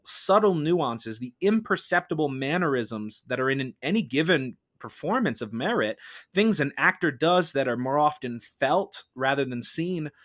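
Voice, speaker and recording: A man acting as prosecutor in a mock trial on a podcast, arguing a prepared case in a measured, formal courtroom manner. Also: a little high, fairly bright tone. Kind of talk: prepared argumentative case delivered to a judge.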